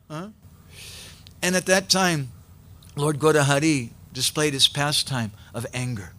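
A man preaching, telling a sacred story in an animated way and acting out its characters. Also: on the high side, measured pace, pauses often. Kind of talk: sermon storytelling.

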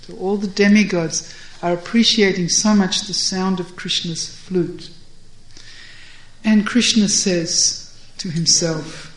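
A woman narrating a devotional story in a slow, deliberate way. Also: fairly low pitch, steady tone, reverberant, rough recording.

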